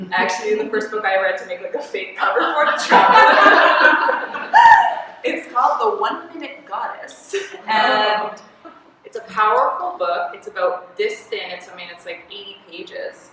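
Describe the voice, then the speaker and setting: Recorded in an echoey event space with a distant mic and faint noise, a Canadian artist and designer chats candidly as an interview guest. She has a medium-pitched voice and is an animated storyteller who laughs often and uses many fillers.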